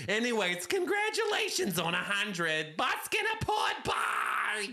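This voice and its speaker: A man voicing a brassy, gossipy older woman caller who shouts and giggles. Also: high-pitched, huge pitch swings, slow, creaky, voice pushed up, heavily acted. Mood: brassy, giddy.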